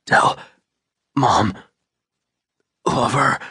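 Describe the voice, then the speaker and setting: A male audiobook narrator voicing a dying middle-aged cop who speaks in weak, breathy whispers. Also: mid-range voice, lively intonation, measured pace, bright, forceful tone, no room sound, studio quality, exaggerated voice.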